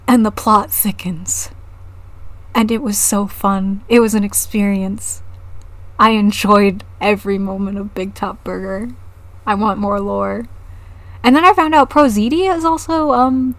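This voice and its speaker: Woman streamer, a bit high-pitched, loose and giggly, rambling chat with casual swearing. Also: normal speed, no echo.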